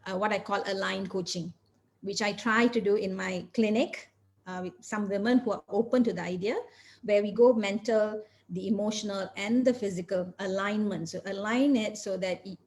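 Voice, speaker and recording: A woman's voice: mid-range voice, steady tone, moderate pace, a little mellow. A woman physician and coach answering interview questions, explaining in an earnest, step-by-step way.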